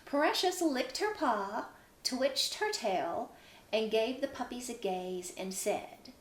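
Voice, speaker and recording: A woman hosts a children's story session and reads aloud in a gentle, encouraging manner. Her voice is fairly high and lilting, with a roomy echo around it. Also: expressive, slow, slight background noise. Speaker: storytime host.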